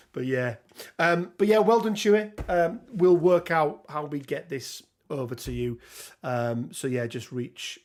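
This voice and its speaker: A man hosting a casual livestream chat, laughing often and filling gaps with ums. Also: a little high. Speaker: host.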